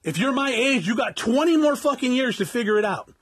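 A very high-pitched, husky man in his forties from South Tucson, Arizona, lectures his viewers bluntly and swears constantly. His pitch swings widely as he rants, and faint music plays behind him. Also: lively intonation, brisk, fairly bright tone. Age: 40s. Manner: addresses viewers as guys. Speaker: vlogger. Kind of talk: profane motivational rant.

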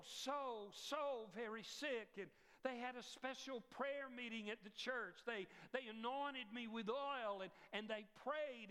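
A man's voice: very high-pitched, pushed and bright, big-room sound, voice pushed up, exaggerated voice. A man voicing an innocent young boy raised from the dead, polite and sincere.

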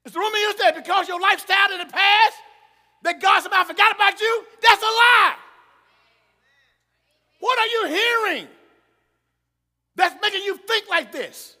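Shouting high-voiced preacher in a hall. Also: male voice, a little fast. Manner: shouting, emphatic, folksy preaching. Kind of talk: sermon. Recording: long reverb of a large hall.

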